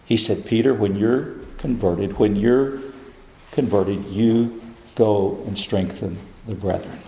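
A male preacher delivers a sermon at an unhurried, deliberate pace. His voice sits at an ordinary pitch and rises sharply when he drives a point home. The sound carries the long ring of a reverberant hall. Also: a little mellow. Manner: rising to high, fervent pitch at climaxes. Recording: echoey hall.

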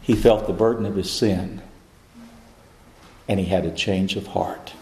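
A man preaching a sermon, building to fervent, high-pitched climaxes. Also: steady tone, measured pace, a little mellow, slight background noise. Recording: echoey hall.

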